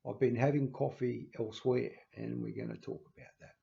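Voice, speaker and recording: A man with a very gravelly, mellow voice talks haltingly into a handheld camera, stumbling and restarting often while sounding emotional. The slightly dull, lo-fi recording fits a casual home vlog. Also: mid-range voice, steady tone. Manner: halting, with frequent restarts and stammers. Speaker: channel host.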